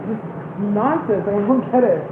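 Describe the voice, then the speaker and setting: This woman speaks at a medium pitch and takes her time, with some noise behind her. She's a young woman talking loosely with a parent in a kitchen vlog, swearing and saying "like" constantly. The recording has a thin, phone-ish quality and bounces off the room.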